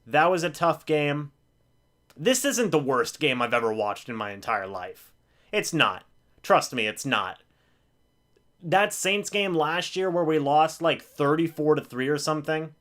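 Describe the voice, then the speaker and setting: A man hosting a live game reaction stream. He calls the plays himself, pleads with the players, and jokes his way through the loss. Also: on the high side. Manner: excitable, pleading with players, self-mocking humor.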